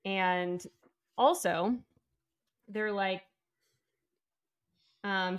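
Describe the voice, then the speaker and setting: A woman talking casually with a co-host about a novel, recapping scenes. She acts out the characters' lines with quick, animated voices as she tells the story. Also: mid-range voice, clean tone. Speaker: podcast co-host. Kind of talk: casual book-club chat, retelling chapters.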